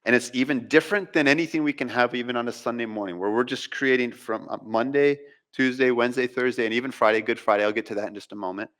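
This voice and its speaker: A male pastor delivering a Sunday sermon in a mid-range voice. He preaches with passion, climbing in pitch for dramatic moments and sinking to quiet, low tones for emphasis. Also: fairly even intonation. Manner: impassioned preaching with dramatic pitch swings and pauses. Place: church sanctuary.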